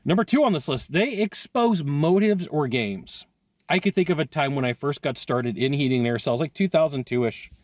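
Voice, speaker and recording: A man talking casually to camera as a sales coach, animated and quick, laughing often and breaking into asides. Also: fairly high pitch, no room sound, clean studio sound. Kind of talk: casual video talk to camera. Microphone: headphones on, recorded live.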